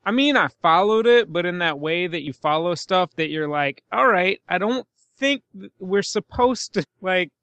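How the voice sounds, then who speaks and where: A man's voice: high-pitched, lively intonation, normal speed, few pauses, sharp tone, clean tone, no echo. Man, podcast co-host, sarcastic, self-mocking, casual chat, dry sound. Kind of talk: casual movie-review chat.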